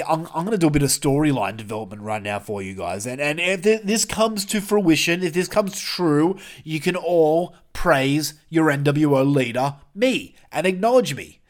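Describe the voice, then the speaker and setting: A young man hosting a casual wrestling review podcast, animated and swearing, with jokey asides. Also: fairly high pitch.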